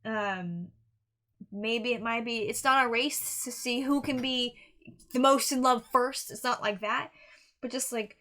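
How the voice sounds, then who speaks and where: Bright-voiced young woman rambling earnestly. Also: fairly high pitch, a little slow. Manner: rambling, earnest, with frequent restarts and fillers. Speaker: music reaction reviewer. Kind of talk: casual song review monologue.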